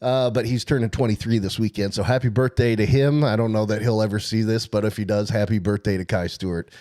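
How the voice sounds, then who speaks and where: Excited rambling male podcast host. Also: on the low side, quick pace. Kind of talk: casual sports podcast chat.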